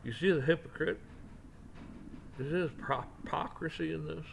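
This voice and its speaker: A man's voice: fairly high pitch, normal speed, vocal fry, a little hiss or hum. A man hosting a commentary channel, giving a casual opinion rant, rambling and often repeating and restarting his words.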